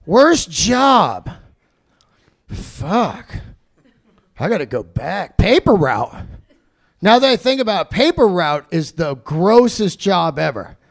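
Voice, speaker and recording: A man doing a loud, profane stand-up set, ranting. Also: sits high, very animated, takes it slowly, gravelly, long pauses. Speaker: stand-up comedian.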